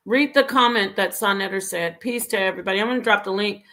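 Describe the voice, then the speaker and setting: A woman host talks through her views in casual commentary, earnest and emphatic. Her voice sits at an ordinary middle pitch. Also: fast talker, bright, forceful tone.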